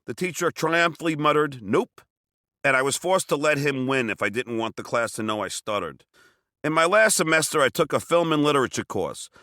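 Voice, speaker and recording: A man from Long Island reading his own memoir aloud, telling it with wry, self-mocking humor and bursts of shouted dialogue. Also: on the high side, expressive, brisk, no echo, studio quality. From Long Island, New York. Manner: wry, self-mocking comic storytelling with sudden shouted quotes. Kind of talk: audiobook memoir narration.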